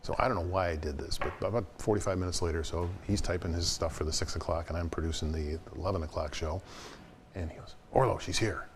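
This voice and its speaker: A man's voice: deep voice, fairly even intonation, fast talker, noisy background. An older man, a veteran TV news reporter, telling anecdotes in an interview and acting out the voices of people he quotes. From Ohio.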